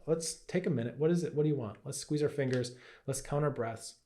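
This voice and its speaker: A man's voice: mid-range voice, brisk, dark tone. A man teaching in a casual, conversational way, often asking "right?" and acting out playful inner voices. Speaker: health and Qigong teacher. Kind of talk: casual teaching talk to camera.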